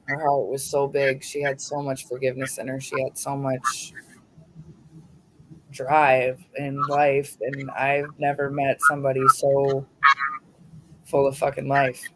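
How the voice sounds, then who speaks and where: A young woman speaking heartfelt and halting about her late mother, at times swearing, as a grieving daughter on a livestream. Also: rumbling low, monotone, noisy background. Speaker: grieving daughter sharing a memorial tribute. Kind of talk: emotional personal talk on a livestream.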